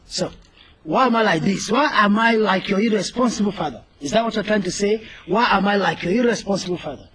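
A man's voice: high-pitched, fairly quick, a bit bright. A man playing a flippant cocky young son. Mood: sarcastic. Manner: flippant, mocking. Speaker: actor. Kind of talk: Nigerian film drama.

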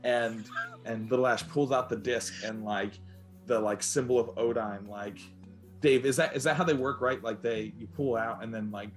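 A man's voice: mid-range voice, steady tone, moderate pace, soft background music. A man playing a tabletop game, telling his character's actions in a rambling way with many restarts. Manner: rambling, full of likes and restarts. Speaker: player.

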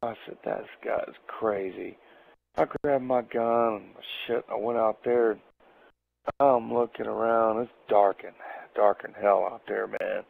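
A man's voice: on the low side, flat delivery, a little slow, creaky. A man telling a casual anecdote in a profane way, laughing as he goes. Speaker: storyteller. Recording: tinny phone-like audio.

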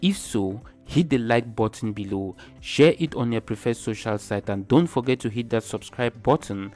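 A man narrating a scripted video in a plain, even manner. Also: medium pitch, normal speed. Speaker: channel narrator. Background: faint background music.

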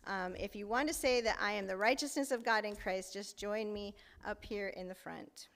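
A woman's voice: medium pitch, moderate pace, vocal fry, fairly bright tone. A woman preacher giving a sermon in a church, speaking earnestly and leading the congregation in repeating phrases. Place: church sanctuary. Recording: echoey church hall with faint music.

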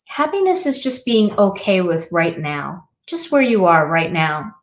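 A woman's voice: mid-range voice, moderate pace. A middle-aged woman hosting a crafting livestream, talking casually and reflectively with many fillers. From Wisconsin.

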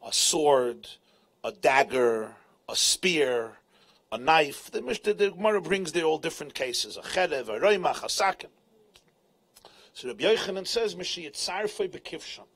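A man, a rabbi, retelling a Talmud story to a live audience in a large event tent, with dramatic, emphatic delivery and shouted peaks. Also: a little high, breathy edge.

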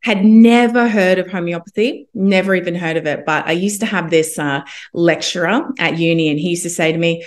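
A young woman, a homeopath guest, telling a personal story in a casual, animated way and acting out what others said. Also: on the low side, fairly quick, few pauses. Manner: animated, quotes others in lively asides.

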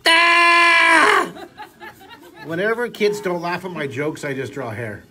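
Energetic man, drawing teacher, slightly high voice, faint classroom hum. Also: normal speed. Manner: energetic, joking, cheering on students. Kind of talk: live drawing lesson with a class. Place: classroom with children.

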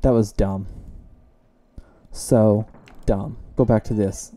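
Young guy rambling over his gameplay, dark mellow voice, jokes at himself, faint music behind. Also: on the low side, slow pace. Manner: chatty, self-mocking, reacts loudly to close calls. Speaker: let's play gamer. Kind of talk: casual gameplay commentary.

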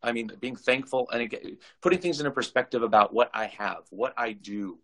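A man's voice: medium pitch, fairly quick, bright, forceful tone, rough recording. A man in his forties from Southern California, talking earnestly on a video call and often repeating his words as he tells his story. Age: 40s. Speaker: guest. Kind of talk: casual video call interview.

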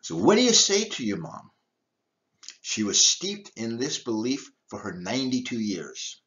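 A man's voice: mid-range voice, wildly swooping pitch, measured pace, fairly bright tone, muffled recording. An older man, a deacon, giving an emphatic teaching talk with rhetorical questions. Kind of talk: teaching talk on church history.

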